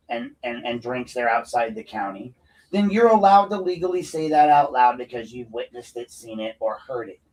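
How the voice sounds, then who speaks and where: A man's voice: medium pitch, far from the mic, poor audio. A man hosting an unscripted solo show, ranting in a profane, combative, heated way. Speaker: podcast host.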